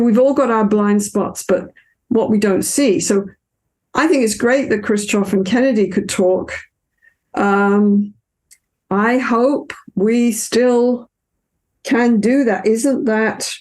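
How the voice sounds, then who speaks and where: An older woman, a couples therapist, telling stories in an interview in a warm, anecdotal way with many fillers and restarts. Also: medium pitch. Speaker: couples therapist, podcast guest. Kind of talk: reflective interview storytelling.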